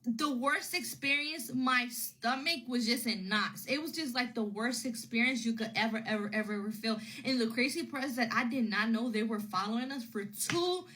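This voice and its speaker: A woman's voice: on the high side, moderate pace, bright, forceful tone, low-quality recording. A woman casually telling a personal story to her phone camera, rambling and repeating herself as she retells what people said.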